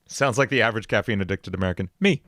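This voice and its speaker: A man chats casually through a music livestream, rambling with plenty of fillers and quick laughs. His voice is on the lower side, and it sounds close and completely dry, with no room echo. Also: a bit bright.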